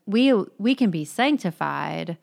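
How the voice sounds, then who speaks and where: A woman's voice: fairly low pitch, lively intonation, a little slow, vocal fry, a little mellow. A woman co-hosting a casual book discussion, thoughtful, laughing often and trailing off mid-thought.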